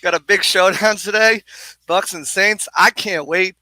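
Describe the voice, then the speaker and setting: A man co-hosting a live sports watch-party stream outdoors on a bar deck, excitedly reading viewer comments and a little out of breath. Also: high voice, unhurried, no echo, rough recording. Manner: hyped, energetic, reads viewer comments aloud.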